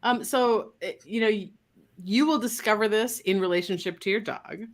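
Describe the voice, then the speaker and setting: A woman dog trainer, a guest on an interview, explaining her method in a casual, animated way and slipping into voices for dogs. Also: mid-range voice, moderate pace.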